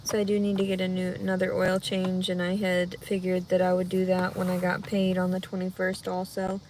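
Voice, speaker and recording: A heavily pregnant woman chatting casually with viewers on a livestream, rambling and anxious, her voice jumping into loud high cries when she gets upset. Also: completely flat delivery, fairly quick, a little hiss or hum. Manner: rambling, talks through her worries out loud. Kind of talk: casual live chat.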